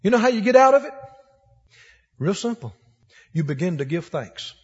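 A man's voice: high-pitched, very animated, moderate pace, slightly rough, dull audio. A man preaching a sermon to a congregation, fervent and repetitive, building emphasis, recorded in a hall.

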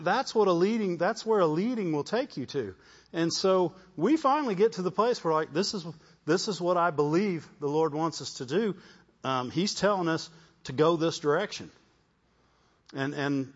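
Pastor, male, fairly high voice, lo-fi church recording, repeats himself and asks "Amen?". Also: lively intonation, normal speed. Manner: repeats words, calls out "Amen?". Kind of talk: sermon testimony.

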